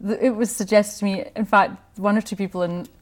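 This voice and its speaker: A woman's voice: medium pitch, fairly even intonation, brisk. A middle-aged Scottish woman, a radio host, chatting in an interview with frequent laughs and restarts. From Scotland. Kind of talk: conversational interview.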